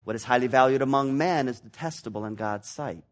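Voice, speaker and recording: A man preaching a sermon to a church congregation, acting out the voices in his quotes and swinging from loud outbursts to hushed tones. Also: mid-range voice, a little fast. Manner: animated, acts out voices in quotes, swings from loud to near-whisper. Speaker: pastor.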